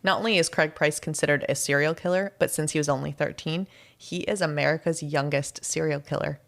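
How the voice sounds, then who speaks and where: Low gravelly woman telling a true crime case. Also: fairly even intonation. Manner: chatty, laughs often, reads quotes slowly. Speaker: podcast co-host presenting the case. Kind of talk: casual true crime chat.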